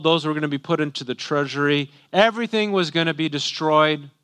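Bright-voiced conversational preacher man. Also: on the high side, clear, resonant tone. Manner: conversational, rhetorical tag questions. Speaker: pastor. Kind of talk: sermon.

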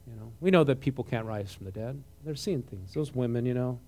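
Talking a little fast in a mid-range voice, the preacher works through a Bible passage, reading it aloud and commenting as he goes. He is animated and keeps asking his congregation questions in this conversational sermon.

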